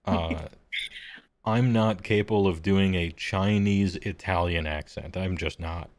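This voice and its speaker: Deep-voiced man running a tabletop game. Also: steady tone, unhurried, a little mellow. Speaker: game master. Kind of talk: casual chat before a live-streamed game.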